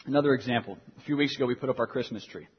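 Young guy pastor preaching, earnest, repeats stuff for emphasis, kinda husky, echoey hall. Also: medium pitch, very fast. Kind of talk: sermon. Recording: dull lo-fi sound in a reverberant hall.

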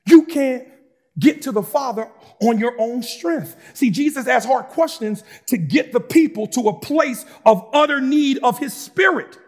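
A man preaching a sermon, moving between calm explanation and fervent shouting with casual asides to the congregation. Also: very high voice, unhurried. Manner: shouts and preaches with rising intensity, conversational asides. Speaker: pastor.

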